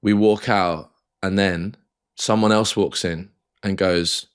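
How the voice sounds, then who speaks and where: A low-pitched man tells a long, loose story on a casual podcast. He swears freely, backtracks and acts out other people's lines as he goes. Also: steady tone, slow, clear, resonant tone. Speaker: podcast co-host.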